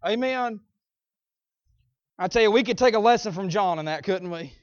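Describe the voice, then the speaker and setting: High-voiced preacher calling out "Amen?". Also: male voice, fast talker, no echo. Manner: emphatic, punctuates with "Amen?"; swings from shouting to low asides. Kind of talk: sermon. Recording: dull, dry lo-fi recording.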